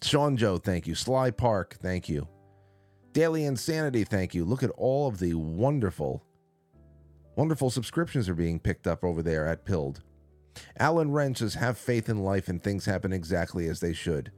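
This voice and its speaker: Broadcasting from a small studio with faint music in the background, this call-in host has a low, slightly mellow voice that swings widely in pitch. At a normal speed he rambles casually and reads chat names aloud through a studio mic.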